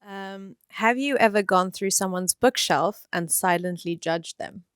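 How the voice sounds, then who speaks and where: A woman co-hosting a podcast, asking quick questions in a friendly, easy way. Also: mid-range voice, fairly bright tone, clear, resonant tone, no room sound, clean studio sound. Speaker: podcast co-host. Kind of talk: casual chat.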